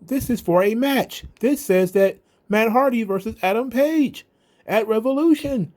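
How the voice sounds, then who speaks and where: A man's voice: very high-pitched, unhurried, voice pushed up. A man mocking a whiny dismayed wrestler. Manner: flat sing-song mock dismay. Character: whiny mock-dismayed male wrestler impression.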